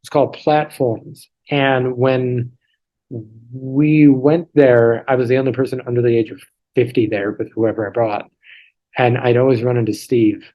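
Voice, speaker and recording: A man's voice: mid-range voice, little pitch movement, a little slow, muffled recording. A man in his thirties, a guest telling stories in a chatty, self-deprecating way with many restarts, heard over a video call. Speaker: interview guest.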